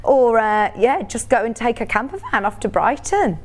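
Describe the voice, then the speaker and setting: A woman's voice: a little high, expressive, normal speed. Bubbly, chatty woman selling fabric on TV. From United Kingdom. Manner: chatty and bubbly, laughs often. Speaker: shopping channel presenter. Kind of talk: live TV sales pitch.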